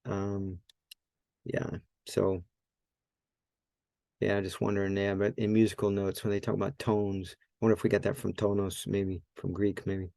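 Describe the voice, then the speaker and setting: A man's voice: lowish voice, little pitch movement, unhurried, creaky, pauses often, warm tone, dry recording. A man teaching a Greek grammar lesson in a casual, think-aloud way, often correcting himself and using many fillers. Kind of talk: casual screen-share lesson.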